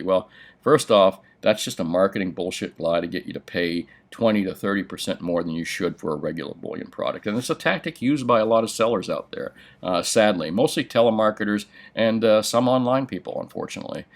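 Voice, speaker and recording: A man's voice: lowish voice, expressive, brisk. An older man hosting a livestream from his coin shop, reading viewer comments and giving blunt, opinionated, profane answers. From United States. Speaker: coin shop owner and host.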